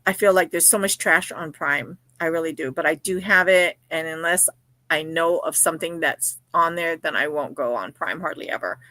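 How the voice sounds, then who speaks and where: A woman's voice: low voice, normal speed, sharp tone, dry recording. Chatty woman livestream host, dry close sound. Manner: chatty, reads viewer comments aloud, many fillers. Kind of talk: casual chat while crocheting on a livestream.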